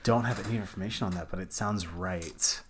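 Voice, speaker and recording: A man's voice: deep voice, a little fast, slight background noise. A young man and former dialect coach, co-hosting a casual film discussion with a joking, teasing manner. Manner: joking, teasing, lively delivery.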